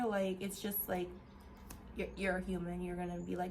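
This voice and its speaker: Here the same kind of vlogger rant comes at a brisk clip in a medium-pitched voice: a woman laughing a lot, swearing freely and rambling with restarts. There's a slight hiss or hum on the track.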